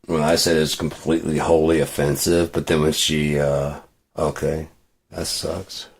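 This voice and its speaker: A man's voice: a bass voice, level tone, unhurried, vocal fry, slightly rough. A man venting in a rambling, profane monologue with many restarts. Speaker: vlogger.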